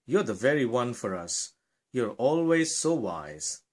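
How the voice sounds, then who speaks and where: Mother bear, storybook, gentle and coaxing, voiced by a man. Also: mid-range voice, very animated, unhurried.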